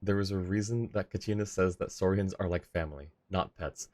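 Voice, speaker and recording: A tired man casually commenting on a video game as he plays, laid-back and thinking out loud, with chuckling asides. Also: deep voice, fairly quick. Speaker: streamer.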